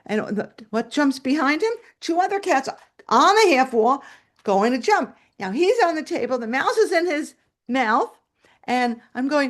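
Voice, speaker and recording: Brief: woman storyteller on a video call, fairly high voice, very animated delivery. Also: unhurried. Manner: animated, acts out scenes with shouted quotes. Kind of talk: storytelling to an audience.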